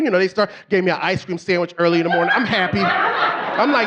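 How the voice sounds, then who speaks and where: A man's voice: high-pitched, fast, dull audio. A middle-aged man performing a stand-up comedy routine on a club stage, telling stories animatedly and acting out the people he quotes. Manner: animated storytelling, acts out quotes with shifting voice.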